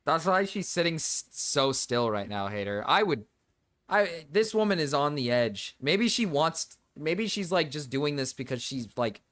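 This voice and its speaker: A young man giving live-stream reaction commentary, excitable and swearing, laughing often and jumping into sudden high yelps. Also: unhurried, dry recording.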